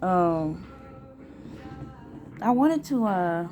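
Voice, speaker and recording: A woman's voice: on the low side, drawn-out words, slight background noise. Chatty woman vlogging from bed. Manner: chatty, swears freely, animated retelling. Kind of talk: casual storytelling vlog. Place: lying in bed at home.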